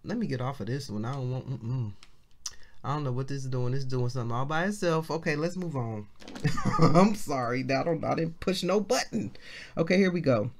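A woman minister gives an informal devotional Bible lesson in a chatty, everyday way. She reads the scripture slowly and circles back over its key phrases to explain them. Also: a bass voice, a little mellow. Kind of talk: casual devotional Bible teaching.

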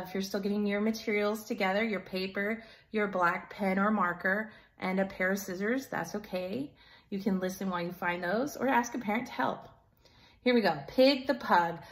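A woman teacher reading a picture book aloud to children in an animated way, pausing to ask them questions. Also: medium pitch. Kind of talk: children's story time.

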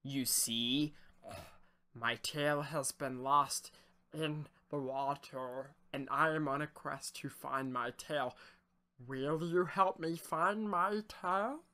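A man's voice: on the high side, bright, forceful tone. A man doing a gurgly talking salamander. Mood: mock solemn. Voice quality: gurgly fishy tone. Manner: solemn, slow storybook phrasing broken by giggles. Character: talking male salamander seeking his lost tail.

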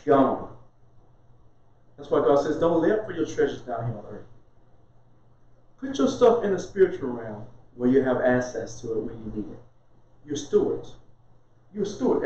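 A man delivers a chatty, lively sermon in a somewhat high voice. He keeps laughing and answers his own questions. The sound is heavily echoey and muffled. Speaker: minister. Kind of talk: informal conversational sermon.

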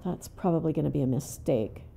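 An older woman hosting a gaming channel, talking herself through a tense game in casual commentary, dropping to hushed whispers and then bursting out loud. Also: deep voice, lively intonation, fairly quick, gravelly, slight background noise. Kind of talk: casual let's-play commentary.

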